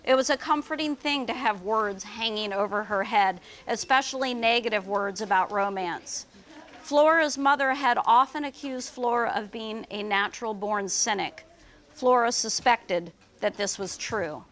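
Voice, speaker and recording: A woman author reading her children's book aloud and describing its pictures at a bookstore event, in a lively storytelling manner. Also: on the high side, moderate pace.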